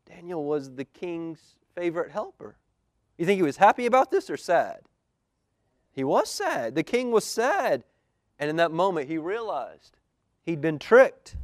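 Pastor guy reading a kids' bible story, fairly high voice, dry sound, keeps quizzing the kids. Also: measured pace, no echo. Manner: lively, asks the children questions. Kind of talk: reading a children's storybook aloud. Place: church auditorium.

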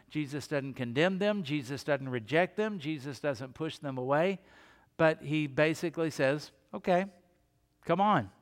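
A man's voice: on the high side, big-room sound. A male pastor preaching a sermon, building emphasis with rhetorical questions and repeated phrases.

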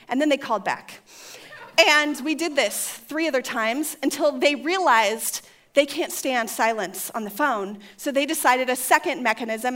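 An older woman telling a comic story, animated, acting out both sides of the dialogue. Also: sits high.

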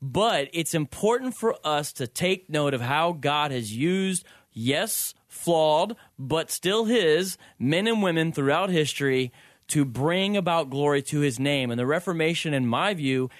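A man co-hosting a radio talk show, speaking quickly and earnestly with a preacher-like cadence. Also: a little high, expressive, no echo, studio quality. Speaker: guest co-host.

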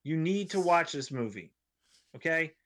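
A man, a comedian guest on a studio podcast, telling a rambling story in an animated way and acting out the voices of people in it. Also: a little high, moderate pace. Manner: animated, acts out voices in his stories, rambling tangents.

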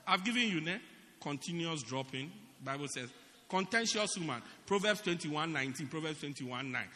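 A man preaching a humorous sermon, acting out stories and shouting the punchlines. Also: a little high, normal speed, big-room sound. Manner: animated storytelling, laughing and shouting punchlines. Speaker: pastor.

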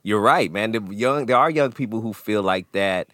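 A man's voice: on the low side, moderate pace, a bit bright, no echo. A man guest in a casual roundtable chat, laid-back and slangy. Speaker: storyteller guest.

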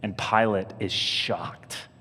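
A man preaching as a priest, telling stories in a lively, animated way and leaping up in pitch when he mimics other people. His own voice sits fairly low. The sound rings with a long reverb from the church around him. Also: takes it slowly, husky. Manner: animated storytelling, jumping high when quoting others. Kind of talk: sermon.

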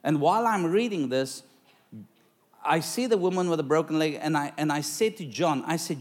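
A male preacher telling a story in a sermon, dramatic and lively, calling out to the congregation for responses. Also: fairly high pitch, moderate pace.

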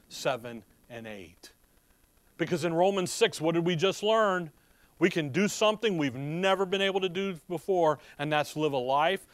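A man with a touch of a Chicago accent preaches through scripture in a higher-than-usual voice. He talks conversationally, reads verses aloud and keeps asking his listeners questions. The sound is dry and close, with almost no room echo. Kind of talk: Bible teaching sermon.

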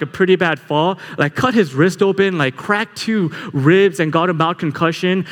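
A young man telling a story to a live audience, energetic and full of "like" fillers. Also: sits high. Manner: energetic, filler-heavy with constant "like". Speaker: speaker at a live talk. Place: large hall. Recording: echoey hall reverb.

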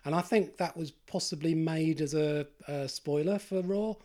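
A man with an ordinary mid-pitched voice talks films in a casual podcast chat. He thinks aloud, asks the others questions and drops wry remarks. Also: normal speed, darkish tone. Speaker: podcast co-host.

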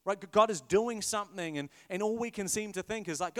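A high-voiced man preaching in a relaxed, conversational way, playful and quick to correct himself. His voice carries a long reverb, as if filling a large hall. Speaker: pastor. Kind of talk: sermon.

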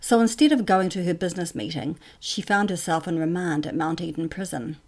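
Kiwi woman narrating, warm low voice, steady and matter-of-fact. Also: a little fast. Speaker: podcast narrator. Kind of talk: scripted narration.

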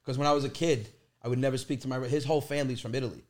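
A man in his thirties, a comedian telling funny family stories on a podcast, animated and laughing as he talks. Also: mid-range voice, very fast. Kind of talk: comic storytelling.

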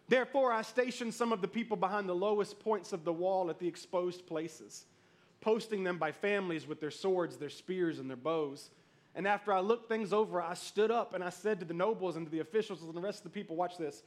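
A man's voice: high voice, fairly quick. A man in his thirties preaching a sermon as pastor, telling stories and calling out to the congregation. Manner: storytelling, animated, calls out to the congregation.

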